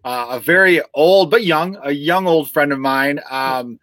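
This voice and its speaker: A man's voice: a little high, unhurried, fairly bright tone, no room sound. A man in his thirties with a Chicago accent hosting a casual comedy podcast, rambling and swearing casually. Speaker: podcast host.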